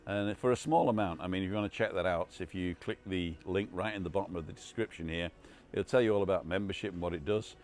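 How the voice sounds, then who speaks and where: A man's voice: sits low, fast talker, a little mellow. An older man rambling casually through a live stream from an outdoor bar terrace, reading out comments with many restarts and asides.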